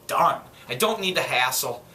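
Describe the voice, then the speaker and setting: A man's voice: medium pitch, expressive, normal speed, a bit bright, slight background noise. A man with a Minnesota accent chatting in a casual, unscripted vlog, rambling with fillers and restarts as he shows and prices items, griping and swearing now and then. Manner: rambling and chatty, with frequent fillers and self-corrections; gripes with mild swearing. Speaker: collector selling and trading items.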